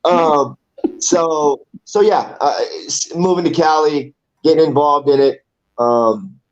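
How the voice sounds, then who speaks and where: A man's voice: a little high, takes it slowly. Rambling man with dull lo-fi sound. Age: 40s. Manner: loose, rambling, swears casually. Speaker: amateur MMA fighter, guest. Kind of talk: casual interview chat.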